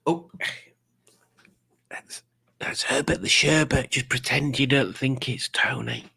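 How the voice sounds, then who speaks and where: Man, live-stream host, chatty and jokey, waffles and restarts, mid-pitched voice. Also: slow, creaky, bright, forceful tone. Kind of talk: casual live-stream chat, reading viewer comments.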